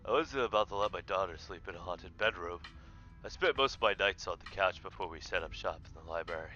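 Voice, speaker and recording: A man's voice: low voice, fast, pushed and bright, dull audio, soft background music. A man voicing a worried middle-aged father who talks in an earnest, hesitant way.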